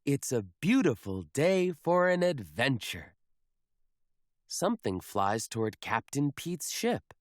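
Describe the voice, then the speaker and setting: A man reading a children's picture book aloud in a slow, expressive storybook manner. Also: medium pitch, dry recording, clean studio sound.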